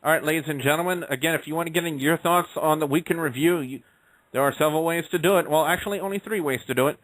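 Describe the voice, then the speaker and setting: A man's voice: fairly high pitch, fast talker, fairly bright tone, dry recording, low-quality recording. A man hosting an online wrestling talk radio show, recapping the week with rambling, jokey asides. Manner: rambling, jokey, repeats lines for laughs.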